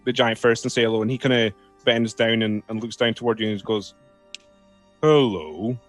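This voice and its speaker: A man's voice: on the low side, little pitch movement, fast, soft background music. A man narrating as game master in an easygoing, often laughing way.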